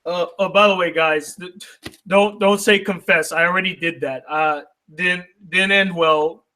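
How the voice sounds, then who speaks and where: A man with a notably high voice hosts a relaxed vlog, opening fan mail from viewers. He chuckles often as he reads and talks. He is plainly touched, even tearing up at moments. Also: a little slow. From United States. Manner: laughs often, chuckling through his reading; emotional, says he is tearing up. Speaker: YouTube host reading fan mail. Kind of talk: casual vlog chat.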